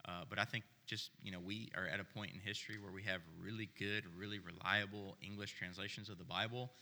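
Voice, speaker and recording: Low-voiced pastor with a sharp, bright tone. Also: male voice, steady tone, fast, big-room sound. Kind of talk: church panel discussion.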